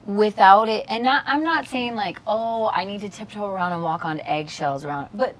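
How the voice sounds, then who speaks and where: A woman's voice: medium pitch, normal speed. A woman co-hosting a podcast in casual chat, telling a story with lots of swearing and quoted voices. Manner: animated storyteller, swears freely, mimics people. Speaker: podcast co-host.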